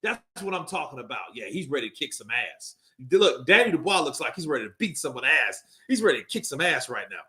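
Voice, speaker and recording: A young man hosting a live stream, giving hyped, animated watch-along commentary and laughing often. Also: mid-range voice, fast, few pauses.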